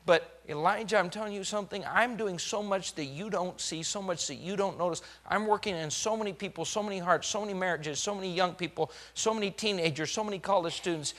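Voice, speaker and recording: High, bright-voiced preacher acting out scripture. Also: male voice, brisk, few pauses. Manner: dramatic, swings from hushed to loud, acts out God's lines. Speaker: pastor. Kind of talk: sermon.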